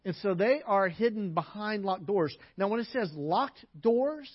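A man preaching a sermon as pastor, telling personal stories, dropping to a hush in sad parts and acting out the people he quotes. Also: high-pitched, animated, measured pace, breathy edge, muffled recording. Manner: personal storytelling, drops to a hush at sad moments and acts out quoted lines.

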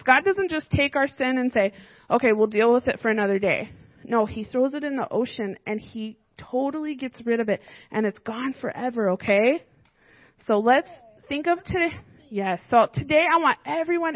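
Woman, children's ministry teacher, high bright voice, chatty and animated, close dry lo-fi recording. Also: dry recording. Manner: animated, asks children questions often. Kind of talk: children's Bible lesson.

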